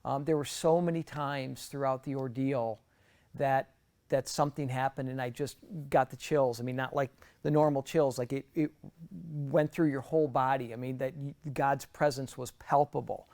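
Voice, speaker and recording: A man's voice: mid-range voice, fairly even intonation, moderate pace, a little mellow. A middle-aged man giving an earnest, conversational personal testimony as a guest speaker, often restarting his sentences.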